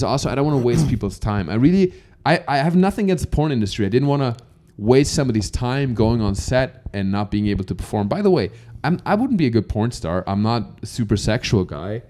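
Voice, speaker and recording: A man's voice: medium pitch, animated, a little fast, hardly any pauses, warm tone. A young man hosting a casual podcast chat, joking and laughing often. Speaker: podcast host.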